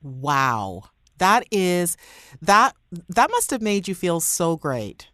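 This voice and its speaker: A woman's voice: fairly low pitch, very animated, slow pace, fairly bright tone, no room sound, studio quality. A woman hosting a podcast, interviewing her guest in an encouraging, affirming manner. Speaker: podcast host.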